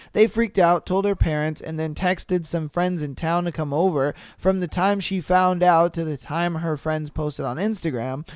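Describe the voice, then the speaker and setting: A man's voice: high voice, smooth, no echo, clean studio sound. A man hosting a podcast, reading a story aloud and then ranting bluntly with plenty of swearing. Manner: blunt, profane, animated rants. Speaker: podcast host. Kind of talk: reading and reacting to stories.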